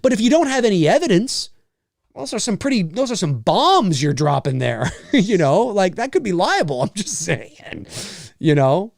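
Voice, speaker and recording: Animated ranting man with a high voice. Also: moderate pace, vocal fry, no room sound. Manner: animated, ranting, many restarts. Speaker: podcast host. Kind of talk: casual chat.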